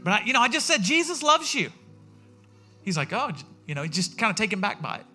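Bright-voiced pastor preaching casually. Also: male voice, high-pitched, sing-song, racing, faint music behind. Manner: conversational storytelling, acts out quoted voices. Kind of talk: sermon. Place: church sanctuary.

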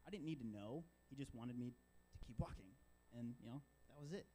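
A man's voice: mid-range voice, animated, brisk, warm tone, poor audio. A young man, a church intern, sharing a casual personal testimony full of fillers.

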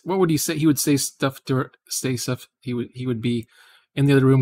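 A man's voice: medium pitch, fairly even intonation, brisk, a little mellow. Man rambling while live coding. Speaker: programming livestream host. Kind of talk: casual rambling livestream chat.

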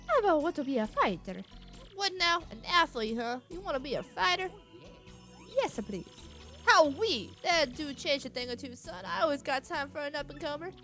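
A woman's voice: high voice, animated, moderate pace, sharp tone, soft background music, voice pushed up, exaggerated voice. Woman doing a folksy, boastful old promoter. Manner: folksy drawl, calls everyone son. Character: folksy older male fight promoter, boastful.

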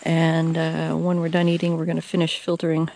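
A woman's voice: low voice, brisk, gravelly, a little hiss or hum. A woman vlogging a hike, chatting casually to her handheld camera at an outdoor campsite. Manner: relaxed, chatty, with many fillers. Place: outdoor campsite by a trail shelter. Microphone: handheld camera held by the speaker.

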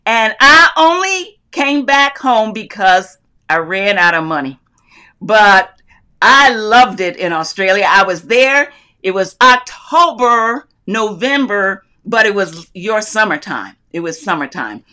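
Speaking slowly in a mid-range voice that's bright, forceful, and animated, this middle-aged woman from North Carolina hosts a crafting stream. She reads comments in a relaxed live chat, laughing frequently and effusively welcoming viewers by their locations.

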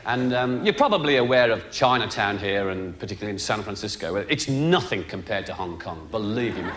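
A man telling a rambling, animated story as a stand-up monologue. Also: fairly low pitch, brisk.

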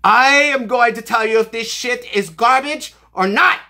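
A young man reviewing a fitness supplement in a brash, profane, hyper way, out of breath and hot, joking and shouting often. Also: very high voice, moderate pace. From New Jersey. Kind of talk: loud joking product review vlog. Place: basement room.

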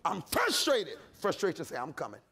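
Male pastor, lively swooping preaching, calls for responses. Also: fairly high pitch, moderate pace, creaky, breathy edge. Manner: preaching with shouts and call-and-response. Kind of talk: sermon.

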